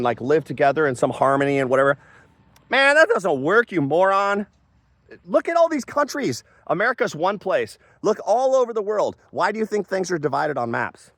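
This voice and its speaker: A man's voice: mid-range voice, dry recording, studio quality. An American man vlogging his opinions in a rambling way, losing his train of thought and turning heated and scolding. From United States.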